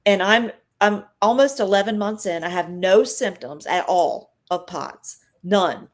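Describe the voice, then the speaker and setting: A woman's voice: medium pitch, measured pace. A middle-aged woman, guest on a live stream, telling an emotional faith and healing story in a chatty, earnest way.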